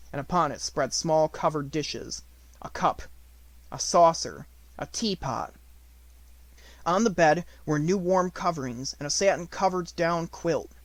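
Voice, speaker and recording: A man's voice: on the high side, measured pace, no echo. Man narrating a storybook aloud. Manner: expressive, lively storytelling. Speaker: audiobook narrator. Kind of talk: unabridged audiobook narration.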